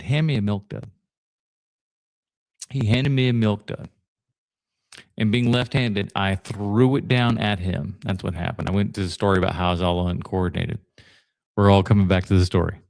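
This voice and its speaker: A man's voice: on the low side, vocal fry. Rambling man hosting a podcast. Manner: rambling storyteller, laughs mid-story, many fillers. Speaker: podcast host. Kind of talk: casual podcast chat.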